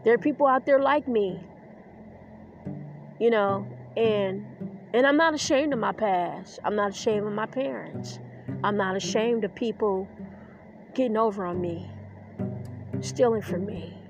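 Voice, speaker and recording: A woman's voice: a little high, gravelly. A woman hosting a podcast, talking in an emotional, defiant personal monologue and getting choked up at times. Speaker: podcast host.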